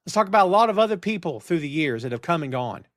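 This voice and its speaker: Man, middle-aged, podcast host, animated, reads chat aloud, high-pitched, dry studio sound. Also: fast, no room sound. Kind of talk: live-stream wrestling talk show. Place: home studio on camera. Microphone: headphones and studio mic.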